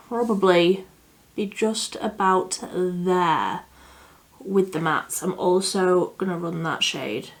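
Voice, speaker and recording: Casting: young woman vlogger, unhurried and chatty, musing aloud as she works. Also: medium pitch. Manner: chatty, thinks aloud, laughs at herself. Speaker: beauty vlogger. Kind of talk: casual makeup tutorial chat.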